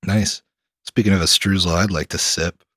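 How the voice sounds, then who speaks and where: A man's voice: low voice, steady tone, normal speed, a bit bright, breathy edge, dry recording, studio quality. A young adult man hosting a tabletop game podcast, joking and crude in casual banter. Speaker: game master and host.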